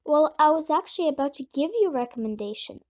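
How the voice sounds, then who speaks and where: A calm, kindly woman doctor, as a female audiobook reader puts her on, soft and reassuring in her measured speech. The voice sits high for a woman, and the recording sounds a little dull and lo-fi. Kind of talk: audiobook character reading.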